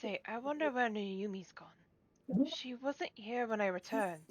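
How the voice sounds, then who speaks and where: A woman's voice: fairly high pitch, a little slow. A woman voicing an earnest young female ally from a game, reading the lines on a livestream. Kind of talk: voice-acting game dialogue on a livestream.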